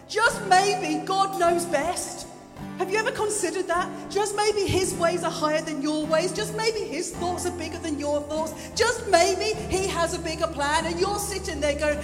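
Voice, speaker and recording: Woman preacher with a bright, high voice, talking easily with the room; long hall reverb under her. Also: normal speed. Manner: chatty preaching, repeating phrases, joking asides. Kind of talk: sermon. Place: church hall. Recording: echoey hall with music. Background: live instrumental music.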